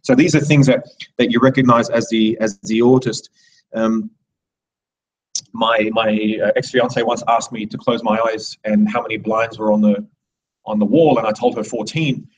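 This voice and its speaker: A man's voice: lowish voice, steady tone, moderate pace, distant mic, low-quality recording. A man in his thirties giving a rambling, digressive live speech to an audience, with many restarts. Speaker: speaker at a live event.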